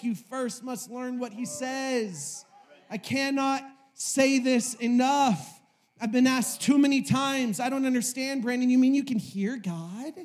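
High-pitched male preacher, fervent and repetitive, asks the room rhetorical questions. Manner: impassioned, swings between shouting and hushed tones. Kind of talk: sermon to a live audience.

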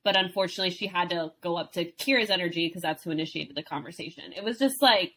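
A woman's voice: lowish voice, fast talker, bright, forceful tone. A woman co-hosting a podcast in a casual chat, speaking bluntly and emphatically, with the odd swear word. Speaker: podcast co-host. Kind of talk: casual chat recapping a reality show.

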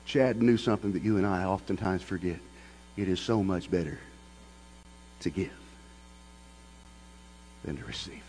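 A man's voice: deep voice, steady tone, moderate pace, pauses often, darkish tone, slight background noise, low-quality recording. A middle-aged man, a pastor preaching a sermon as a folksy storyteller. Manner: folksy storyteller who builds to passionate preaching.

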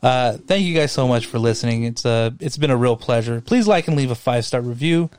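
A man's voice: medium pitch, expressive, brisk, darkish tone. A man co-hosting a casual movie podcast, rambling through his thoughts with many fillers and restarts. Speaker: podcast co-host.

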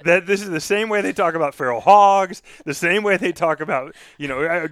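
A man's voice: high voice, a little fast, fairly bright tone, no echo. A man riffing in a casual podcast chat, rambling and laughing as he talks. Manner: rambling, laughs while talking. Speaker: podcast co-host.

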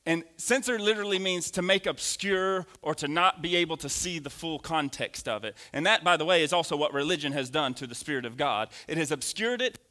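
Lively preacher in a reverberant sanctuary. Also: male voice, a little high, a little fast, few pauses. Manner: animated, joking with the congregation. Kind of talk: lively sermon. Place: church sanctuary. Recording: long hall reverb.

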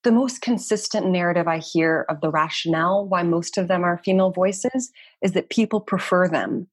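A woman in her thirties speaks quickly and animatedly as an interview guest, with many casual fillers. Her voice sits a little low and has a husky edge. The recording is dry and close. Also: no room sound. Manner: quick, animated, chatty with frequent "like" and "you know". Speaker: guest researcher and community founder.

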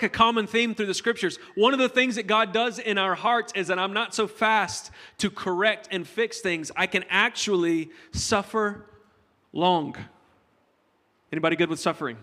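In a church hall with long reverb, a middle-aged pastor delivers a conversational sermon, joking with his congregation along the way. His voice sits high, sounding pushed and bright.

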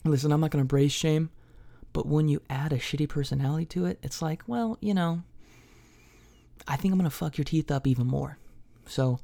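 Gravelly, dark-voiced man telling stories solo. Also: on the high side, a little fast. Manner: casual, profane, self-mocking storyteller. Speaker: podcast host. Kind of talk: solo comedic storytelling.

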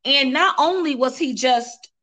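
Bright-voiced woman telling her story. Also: high-pitched, measured pace. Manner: animated, quotes others, repeats phrases for emphasis. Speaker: interview guest, singer. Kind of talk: casual interview, emotional storytelling.

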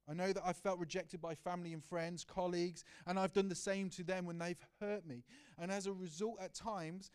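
A man preaching a sermon in an earnest, personal way, sometimes dropping to a hushed voice. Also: sits high, clear, resonant tone.

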